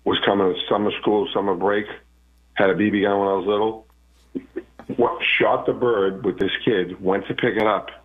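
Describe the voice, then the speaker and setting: Deep raspy guy calling into a radio show, phone-line sound, rambling storyteller. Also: steady tone, moderate pace. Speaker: caller. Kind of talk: phone-in call.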